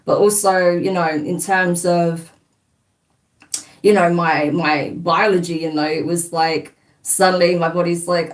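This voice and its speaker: A woman in her thirties with a fairly low voice, talking informally to her live-stream viewers. She rambles and leans on filler words as she thinks aloud. Her voice sits a little distant from the microphone. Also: fairly even intonation, unhurried. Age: 30s. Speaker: spiritual reader and live-stream host. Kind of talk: casual live-stream chat.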